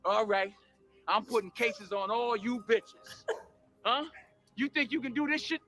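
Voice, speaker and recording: A furious, menacing corrupt cop who rants and shouts threats. He has a high, bright voice and a slow drawl. Music plays faintly under the film clip. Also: full character voice.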